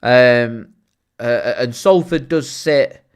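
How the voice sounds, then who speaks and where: A man chatting casually as a football fan streaming a watchalong, rambling with many fillers and getting excited when reacting to the play. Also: mid-range voice, takes it slowly, smooth. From Greater Manchester, England. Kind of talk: casual watchalong chat with live match reaction.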